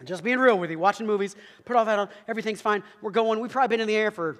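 A man telling a humorous story in a sermon, animated and quick, with asides to the audience. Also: high-pitched. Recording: long hall reverb.

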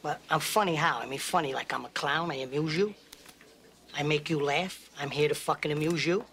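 A menacing hot-headed gangster. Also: male voice, a little high, a little fast, a bit bright, slight background noise. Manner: needling, escalating interrogation, heavy swearing. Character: volatile menacing adult male gangster. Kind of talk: film drama clip.

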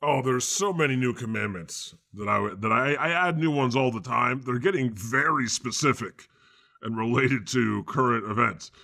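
A man's voice: medium pitch, normal speed, gravelly. A man playing a jaded, slangy God. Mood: laid-back. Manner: laid-back, slangy, deadpan. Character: God, a casual jaded male deity. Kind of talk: improvised comedy character interview.

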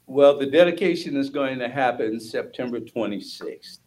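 An older actor appearing as a podcast guest, talking in a relaxed, conversational way. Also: male voice, medium pitch, normal speed. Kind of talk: casual interview.

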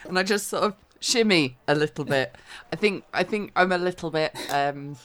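A woman's voice: deep voice, normal speed, fairly bright tone. A woman playing in a tabletop game, teasing the others in casual chat. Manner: teasing and playful. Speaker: player.

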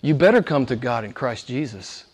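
A man preaching a sermon with passion, shifting from loud, ringing declarations to hushed whispers. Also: medium pitch, lively intonation, normal speed, husky. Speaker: pastor.

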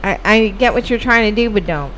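A woman's voice: medium pitch, animated, fairly quick, fairly bright tone, slight background noise, poor audio. A woman chatting casually and bluntly, laughing often and swearing freely. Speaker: video reactor. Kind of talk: casual chat.

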